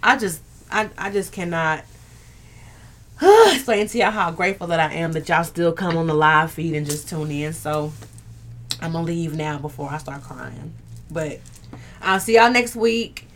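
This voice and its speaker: A woman's voice: sits low, expressive, unhurried, slight background noise. A woman hosting a casual live stream, talking candidly and earthily to her viewers. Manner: candid and earthy, swears, talks straight to viewers. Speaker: livestream host.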